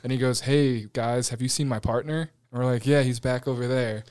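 A man's voice: medium pitch, fairly even intonation, brisk, darkish tone, clean tone, no echo, clean studio sound. A man hosting a podcast, telling a story in casual chat and laughing along.

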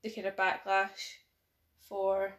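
A woman's voice: medium pitch, monotone, takes it slowly, a bit bright. Chatty Scottish woman, echoey room. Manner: chatty, retelling a film with hedging fillers. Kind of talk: casual chat.

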